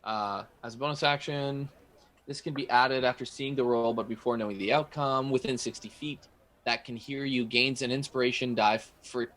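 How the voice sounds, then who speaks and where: A man playing a tabletop game, chatty and reading rules aloud haltingly. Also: medium pitch, fairly even intonation, fairly bright tone. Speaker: player. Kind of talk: casual tabletop play.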